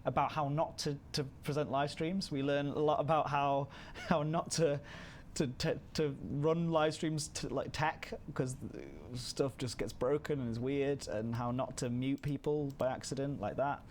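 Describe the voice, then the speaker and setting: Man, livestream host, mid pitch, chatty and self-mocking, faint rumble behind. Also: fairly even intonation, unhurried. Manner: chatty, self-deprecating, reads chat aloud. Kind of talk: casual livestream chat.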